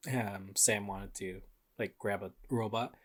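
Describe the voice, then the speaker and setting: Co-host, young adult man, somewhat low voice, easygoing recapper, lots of ums and likes. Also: fairly even intonation, unhurried. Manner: laid-back recapping, many fillers like um and like. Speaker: podcast co-host. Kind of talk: casual chat.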